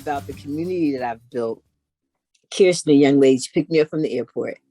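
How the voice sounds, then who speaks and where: A middle-aged woman chatting casually as an interview guest, telling animated stories. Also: low voice, fast talker, no echo, faint music behind. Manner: animated, acts out others in her stories. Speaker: guest, knitwear maker. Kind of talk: casual storytelling chat.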